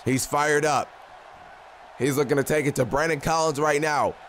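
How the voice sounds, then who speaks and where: A young man giving casual, excitable play-by-play commentary on a video game, talking slangily to the characters on screen. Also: fairly high pitch, moderate pace. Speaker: gaming YouTuber.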